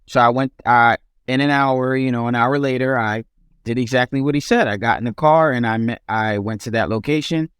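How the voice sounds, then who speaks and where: A man's voice: medium pitch, brisk, a bit bright, smooth, dry recording, studio quality. A young man, a podcast guest, telling his own story in casual speech with frequent restarts and fillers.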